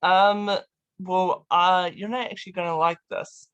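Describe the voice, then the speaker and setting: A man's voice: high-pitched, fairly even intonation, a little slow, fairly bright tone, clear, resonant tone, lo-fi sound. Playful, giggly male interview host. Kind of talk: casual video-call interview. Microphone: video call.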